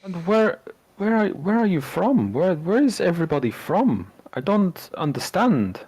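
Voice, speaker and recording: A man's voice: mid-range voice, huge pitch swings, slow, a little mellow, slightly rough, voice pushed up, exaggerated voice. A man voicing a sheltered village woman who keeps stammering in wonder as she questions her strange guests. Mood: amazed, inquisitive.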